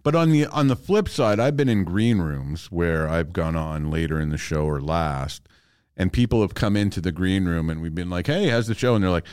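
A man who is a stand-up comedian, a guest in a casual chat, talking in a relaxed, reflective way and swearing casually. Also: low-pitched, moderate pace, smooth, dry recording, clean studio sound.

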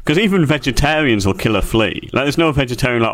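A man's voice: medium pitch, animated, quick pace, fairly bright tone. A man co-hosting a podcast, chatting casually in a rambling, jokey, self-mocking way. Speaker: podcast co-host. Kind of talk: casual chat.

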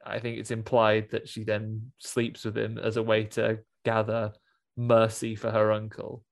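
A man's voice: on the low side, monotone, unhurried, gravelly. A man casually recapping a film plot, rambling with restarts and acted-out quotes. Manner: rambling, laughing, full of restarts and quoted voices.

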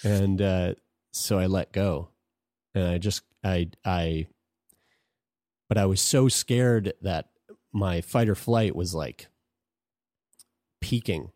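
Low-voiced man telling a frank story. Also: slow pace, long pauses, a little mellow, dry recording, studio quality. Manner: frank and profane, with frequent restarts. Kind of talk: casual conversational storytelling.

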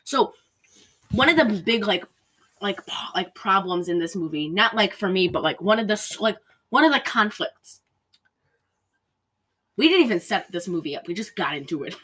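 Chatting casually as a podcast co-host, a young woman retells a film's plot, using "like" all the time and imitating characters along the way. She speaks at normal speed with lively intonation and long pauses, her mid-range voice a bit bright and slightly rough.

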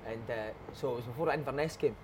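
A man's voice: medium pitch, fast talker, noisy background. A Scottish man in his thirties, a former footballer telling a story in casual chat, swearing freely. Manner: swearing, animated anecdote telling. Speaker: podcast host, former footballer.

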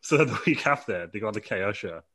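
Casting: man, low voice, casual podcast panelist who rambles through a story, laughs a lot and slips into silly character voices. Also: animated, fast talker, fairly bright tone, breathy edge. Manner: rambling, laughing, acting out quotes in put-on voices. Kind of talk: casual chat, pitching a wrestling storyline.

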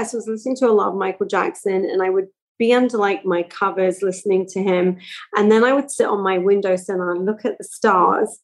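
A woman, telling stories as a podcast guest in a lively, chatty way. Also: medium pitch, poor audio. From England. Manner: animated, chatty storytelling. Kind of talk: podcast interview.

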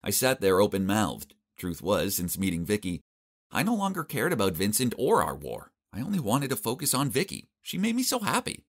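A young adult man narrating a first-person story with expressive, dramatic comic delivery. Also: lowish voice, normal speed.

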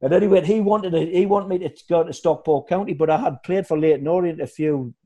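Fairly high-pitched and brisk, this male guest is a former footballer recounting stories from the game in a relaxed conversation. He brings the anecdotes to life by impersonating others and acting out their shouting.

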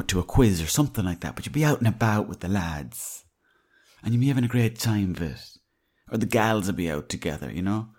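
Deep-voiced Irish man telling rambling stories. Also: darkish tone. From Ireland. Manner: rambling, anecdotal, salty language. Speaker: podcast host. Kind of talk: casual storytelling monologue.

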